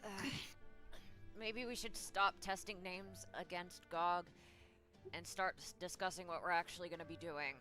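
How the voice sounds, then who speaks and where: A woman's voice: on the low side, steady tone, moderate pace, bright, forceful tone, faint music behind. A woman playing in a casual tabletop session, arguing her points firmly against another player. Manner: assertive, argumentative.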